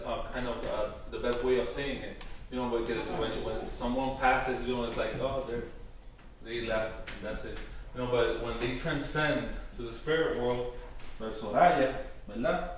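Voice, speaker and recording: A man with a medium-pitched, fairly bright voice gives an informal teaching talk on Taíno tradition to a live group in a workshop room. He's hesitant, full of "um" and "you know," and slows down to spell out words. The recording is very echoey, with the mic far away and faint noise.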